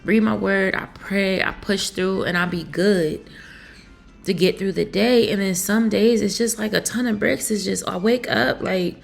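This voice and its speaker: A young mother from Pennsylvania speaking in a confessional vlog, emotional and halting, with many fillers. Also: mid-range voice, creaky, soft background music. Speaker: vlogger and mother.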